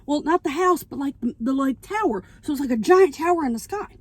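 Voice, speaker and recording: High-voiced woman rambling a plot recap. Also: brisk, dry recording. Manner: rambling, animated, acts out quotes. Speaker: vlogger. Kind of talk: casual mukbang plot recap. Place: in a parked car. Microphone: phone camera.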